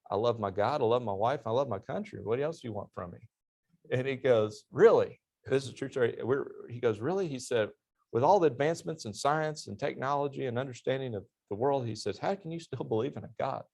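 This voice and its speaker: A middle-aged man, an army veteran and interview guest, telling stories animatedly and laughing at his own punchlines. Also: mid-range voice. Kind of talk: storytelling in a church class interview.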